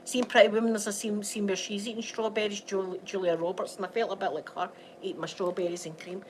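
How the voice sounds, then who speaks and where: In a fast, level, mid-range voice, a Scottish woman vlogs casually from home near a window, rambling through stories for her viewers and often laughing. The audio is poor, with some hiss or hum.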